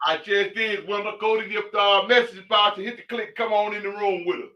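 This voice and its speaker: A man's voice: high voice, steady tone, brisk. A man hosting a talk show who cuts in with short affirmations and echoes the speaker. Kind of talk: talk show discussion, call-and-response affirmations. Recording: distant mic, dull lo-fi sound.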